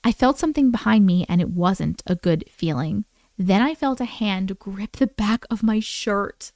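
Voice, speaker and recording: A woman hosting a live stream, reading viewer stories aloud and reacting with animated exclamations and swearing. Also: medium pitch, normal speed, no room sound.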